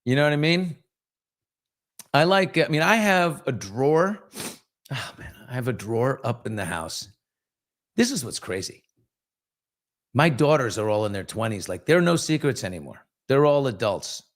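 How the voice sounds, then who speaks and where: A man's voice: medium pitch, lively intonation, moderate pace, long pauses. A man in his fifties hosting a casual live chat, reading viewer comments and telling candid, rambling stories. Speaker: host.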